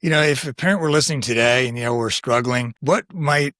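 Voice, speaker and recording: A man hosting a podcast interview, talking in a reflective, halting way with restarts. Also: medium pitch, a bit bright, no echo, studio quality. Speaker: podcast host.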